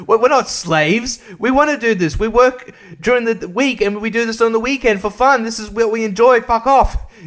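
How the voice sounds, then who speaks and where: A man putting on the voice of angry young female racing promo models, shouting and swearing with scorn. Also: fairly high pitch, pitched above the performer's own voice, natural voice.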